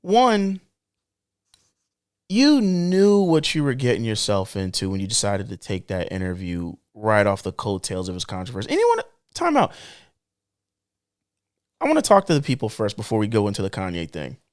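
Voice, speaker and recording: Young man, podcast co-host, lively swinging pitch, smooth clear voice, emphatic casual rant. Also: moderate pace. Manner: animated, emphatic, swings between low drawl and excited high bursts.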